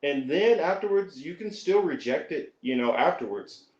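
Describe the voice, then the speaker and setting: A man's voice: on the high side, expressive, normal speed, darkish tone. A man talking as a podcast guest in casual chat, hesitant and earnest. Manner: hesitant, many fillers and restarts, earnest. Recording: echoey, dull lo-fi audio.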